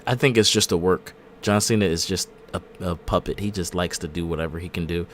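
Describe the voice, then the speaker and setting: Man, podcast host, relaxed news recap, somewhat low voice, faint background noise. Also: a little fast. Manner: relaxed storytelling, reading out news. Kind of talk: casual chat.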